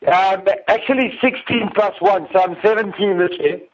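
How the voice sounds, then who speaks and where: A man's voice: high-pitched, moderate pace. A man from South Africa calling in to the show, trading crude, swearing banter. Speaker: caller on a phone link. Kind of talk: casual chat. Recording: dull lo-fi phone-call audio.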